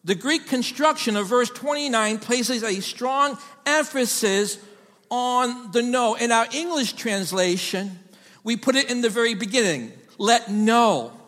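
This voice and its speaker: A man preaching a sermon to his congregation, delivering it with emphasis and sometimes building to shouted call-and-response. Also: very high voice, expressive, a little slow, big-room sound. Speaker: pastor.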